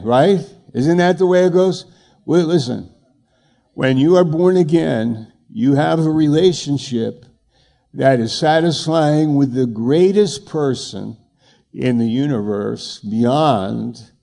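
A man's voice: medium pitch, gravelly, dark tone. An older man, a pastor, preaching a conversational sermon and acting out bits of dialogue.

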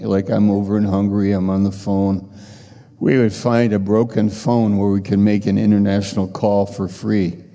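A man's voice: on the low side, level tone, normal speed, warm tone. A man in his sixties preaching a sermon with a personal testimony, earnest and conversational, repeating his phrases. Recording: long reverb of a large hall.

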